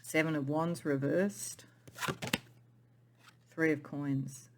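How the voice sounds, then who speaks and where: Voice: mid-range voice, fairly even intonation, takes it slowly, a little hiss or hum. A tarot reader giving a pick-a-card reading in an intuitive, musing way, often repeating and restarting phrases.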